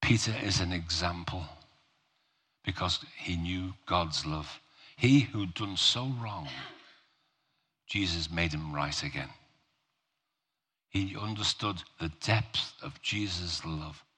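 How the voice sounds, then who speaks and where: Slow husky male preacher. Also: sits low, pushed and bright. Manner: slow, emphatic, conversational preaching with rhetorical questions. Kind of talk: sermon.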